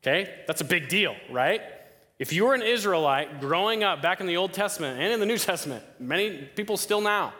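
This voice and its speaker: A young man preaching a sermon to a campus crowd, lively, often asking the listeners questions. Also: sits high, fairly quick. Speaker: campus ministry speaker. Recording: long hall reverb.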